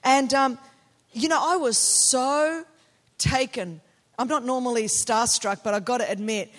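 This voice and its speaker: A middle-aged woman from Australia, a pastor preaching a sermon with personal stories, animated and building to passionate, shouted declarations. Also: fairly high pitch, unhurried.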